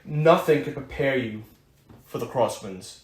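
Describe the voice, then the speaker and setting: An American man co-hosting a podcast tells a long, rambling story full of restarts and fillers in a medium-pitched, unhurried voice. It's casual chat, recorded in an echoey room with faint hiss.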